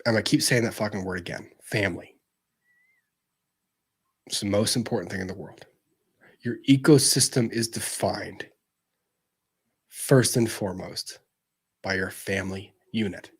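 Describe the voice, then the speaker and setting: A man hosting a show, delivering a heated, profane rant that swings between loud outbursts and low, intense repetition. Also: moderate pace, long pauses, slightly rough. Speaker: show host. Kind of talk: ranting commentary.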